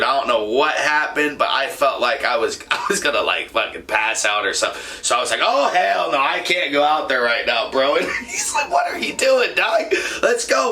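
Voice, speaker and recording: A man's voice: medium pitch, bright, forceful tone. Profane laughing man telling a story. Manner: rambling, profane, laughs often. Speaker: podcast host. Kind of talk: casual storytelling.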